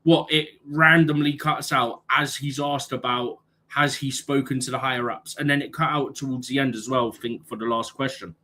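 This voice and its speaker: A man's voice: medium pitch, steady tone, normal speed, few pauses, bright, forceful tone. A young man co-hosting a football live stream in casual chat, arguing his points emphatically with rhetorical questions.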